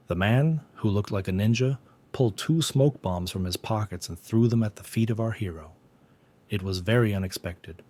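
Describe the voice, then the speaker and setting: A man narrating a comic story recap in steady, plain, scripted storytelling. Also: on the low side, moderate pace.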